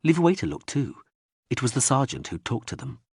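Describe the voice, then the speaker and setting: A man narrating an audiobook in a measured reading, raising his voice for the quoted lines. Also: mid-range voice, sing-song, creaky, a little mellow, breathy edge, dry recording, studio quality. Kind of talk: scripted narration.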